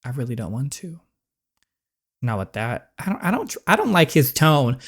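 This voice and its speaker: A chatty gaming YouTuber who talks back at the story as the game goes on, reacting aloud all the time. The voice sits at a plain middle pitch. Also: big pitch swings, normal speed, husky. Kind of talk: let's-play commentary.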